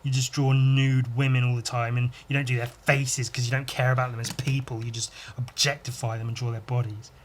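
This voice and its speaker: A man's voice: mid-range voice, level tone, brisk, hardly any pauses, a little hiss or hum, lightly acted. A man putting on a nosy, judgmental stranger. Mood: accusing. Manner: incredulous, then accusing.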